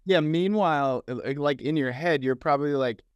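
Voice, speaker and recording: A middle-aged man co-hosting a podcast, talking in a laid-back, slangy way with some swearing and halting restarts. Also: on the high side, clear, resonant tone, no echo. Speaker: podcast co-host, editor. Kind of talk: casual podcast chat.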